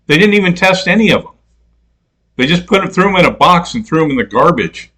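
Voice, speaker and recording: A man's voice: a little high, big pitch swings, quick pace, bright, forceful tone, breathy edge. Rambling, swearing man telling stories. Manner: rambling, swears freely, laughs at his own stories; mimics other people in quoted voices. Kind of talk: casual profane storytelling rant.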